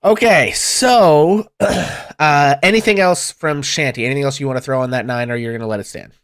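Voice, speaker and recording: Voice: mid-range voice, normal speed. Game master running d&d over a call, rambling, gets worked up about rules. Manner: rambling, animated rules talk.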